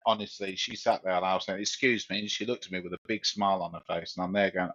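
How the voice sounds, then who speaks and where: A man's voice: sits low, flat delivery, fast talker, hardly any pauses, bright, forceful tone, dry recording. Rambling man, dull lo-fi sound. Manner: rambling, swears, repeats himself. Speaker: podcast co-host. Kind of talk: casual storytelling chat.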